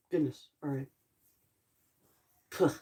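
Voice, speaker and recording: A man's voice: fairly high pitch, fairly even intonation, extremely slow, mellow, a little hiss or hum. Groggy young man rambling on a live stream. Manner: rambling, apologetic, chatty with viewers. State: groggy morning voice. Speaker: livestreamer. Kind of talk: casual live stream chat. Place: home in a rural area.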